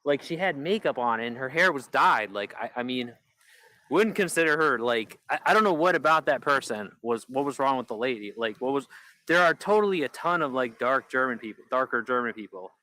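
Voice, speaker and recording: A man's voice: medium pitch, animated, fairly quick, sharp tone, dry recording. A man live-streaming in rambling casual chat, full of "like" fillers and restarts. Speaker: livestreamer.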